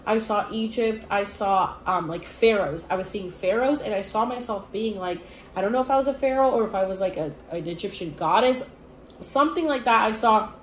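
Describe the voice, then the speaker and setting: A young woman telling a story in a casual vlog, rambling and animated with lots of fillers. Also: medium pitch, fairly quick, slight background noise. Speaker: vlogger. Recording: echoey room with faint ambience.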